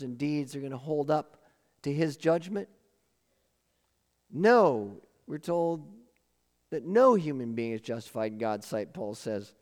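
Guy preaching, slightly higher voice, hammers points home, big hall echo. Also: a little mellow. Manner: emphatic, repeats key phrases, asks the listeners questions. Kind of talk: sermon. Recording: long hall reverb.

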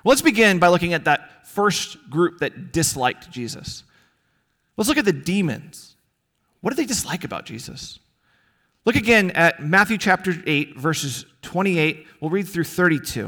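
A man preaching a sermon as pastor, earnest, with rhetorical questions and dramatic pauses. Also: high voice, very animated, a bit bright.

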